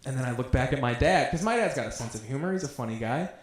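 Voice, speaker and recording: A man's voice: medium pitch, animated, fast talker. A man doing a stand-up set, telling crude stories in a conversational way. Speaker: stand-up comedian. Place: comedy club stage. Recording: roomy club sound.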